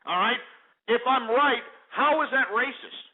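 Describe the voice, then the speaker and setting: A man hosting a call-in radio show, loud and mocking, stammering over his own words. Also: extremely high pitch, a little slow. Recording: tinny phone-like radio audio.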